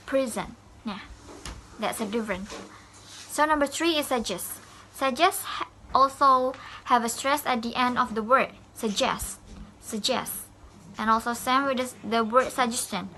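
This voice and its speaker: A woman's voice: on the high side, bright, forceful tone, a little hiss or hum. A woman student giving a classroom presentation, hesitant, with fillers and self-corrections.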